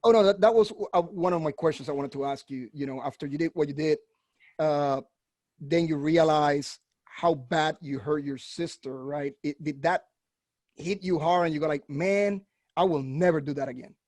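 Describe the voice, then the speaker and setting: A man hosting a veterans' podcast, telling stories in an animated, casual way and acting out the quotes. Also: fairly high pitch, normal speed, no echo. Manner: animated storyteller, acts out quotes. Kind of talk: casual conversation, storytelling.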